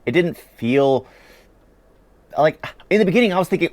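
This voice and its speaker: A man's voice: fairly high pitch, expressive, moderate pace, a little mellow, dry recording. A man giving a chatty, opinionated spoken review of a series, often laughing as he talks.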